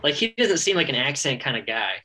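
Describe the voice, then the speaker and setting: A man co-hosting a casual podcast, telling wry, animated stories. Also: medium pitch, quick pace. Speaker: podcast co-host. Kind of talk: casual chat.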